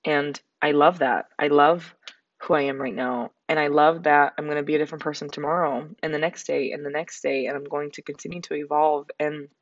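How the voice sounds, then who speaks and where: A hoarse young woman with a raspy edge talks earnestly into her podcast mic, rambling and filling gaps with likes. The sound is dry and close, with a slightly dull, lo-fi tone. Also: sits low, flat delivery, fairly quick, no echo. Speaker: podcast host. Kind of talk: reflective solo podcast talk.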